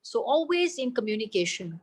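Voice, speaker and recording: A woman's voice: a little high, sing-song, fairly quick, rough recording. A woman with an Indian accent, speaking as an expert answering parents' questions in a webinar over a video call, explaining patiently and slipping into Hindi phrases. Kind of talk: webinar Q&A advice.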